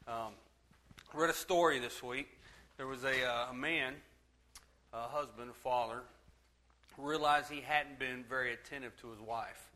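A man in his thirties preaches to his church, chatty and quick to joke and laugh along with the congregation. His voice is bright and forward, and his pitch sits at an ordinary middle for a man. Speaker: pastor. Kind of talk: sermon with humor.

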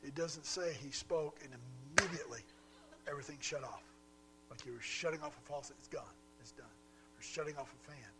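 A man preaching a sermon as pastor, swinging between loud emphatic pushes and quiet drops, with a faint mains hum behind. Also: fairly high pitch, brisk.

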